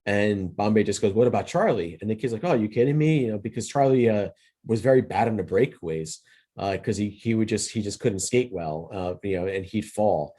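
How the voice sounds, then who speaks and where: A man hosting a casual podcast review, speaking in a lowish, warm, mellow voice. He rambles through scenes loosely and keeps restarting his sentences. His tone stays earnest and a little sentimental. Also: a little fast. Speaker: podcast host. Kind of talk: casual solo movie review.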